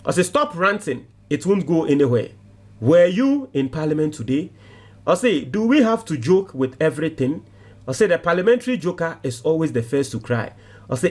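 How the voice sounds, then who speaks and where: A Ghanaian man reading viewer comments aloud in an animated, mocking manner, switching between English and Twi phrases. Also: fairly high pitch.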